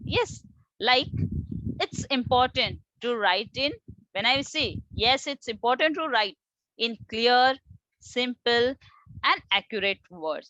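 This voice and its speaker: A woman teacher with an Indian English accent, explaining grammar to children slowly and with many repetitions. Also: fairly high pitch, lively intonation, sharp tone, no room sound, rough recording. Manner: explains slowly, repeats words, addresses children. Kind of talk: online grammar lesson.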